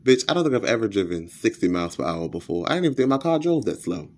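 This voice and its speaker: A man hosting a podcast, telling a comedic, profane rant in an animated storytelling style. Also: fast, slight background noise. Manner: animated, profane storytelling with sudden pitch jumps. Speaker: podcast host.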